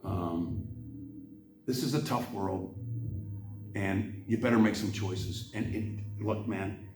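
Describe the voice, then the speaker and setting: A man hosting a heated monologue about religion, swinging from an impassioned rant to a quiet, apologetic tone. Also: fairly low pitch, takes it slowly, reverberant, far from the mic, noisy background. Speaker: channel host.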